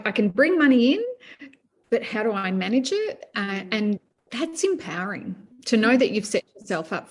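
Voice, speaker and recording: Middle-aged woman coach, mid-range pitch, earnest, talks in long winding sentences. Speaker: guest, money management coach. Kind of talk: conversational interview.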